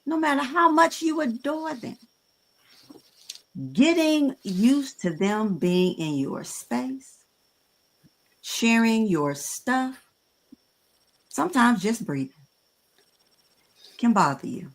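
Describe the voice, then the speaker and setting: A woman's voice: a little high, lively intonation, slow pace, pauses often. A woman in her fifties co-hosting a podcast. She talks frankly and conversationally, with hesitant fillers. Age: 50s. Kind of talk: candid podcast chat.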